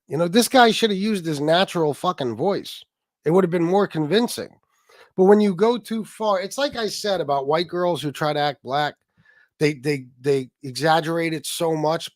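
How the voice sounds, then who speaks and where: On a livestream, a host with a voice a little higher than most men's rants bluntly and profanely, rambling through fillers. The sound is close and dry, with no room sound at all.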